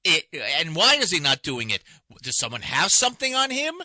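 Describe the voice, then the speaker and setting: A man's voice: on the high side, huge pitch swings, moderate pace, sharp tone, no room sound. A man hosting a talk radio show, delivering an impassioned, indignant monologue full of rhetorical questions from a radio studio. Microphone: studio microphone.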